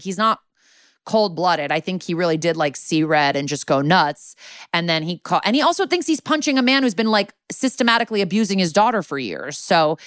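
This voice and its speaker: A young woman with a lowish voice talks through an episode in loose, casual chat. She swears freely and fills her sentences with "like." The sound is close and dry, with no room around it. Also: fairly bright tone, clear, resonant tone, no echo. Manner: casual, sweary, many "like" fillers. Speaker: podcast co-host.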